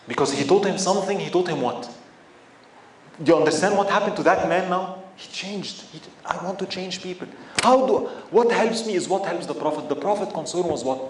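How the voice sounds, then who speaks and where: A man's voice: high-pitched, echoey room, a little hiss or hum, low-quality recording. A man preaching a sermon in English with Arabic phrases mixed in, telling stories animatedly and acting out the people in them. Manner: animated storytelling, acting out quoted voices. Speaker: Islamic preacher.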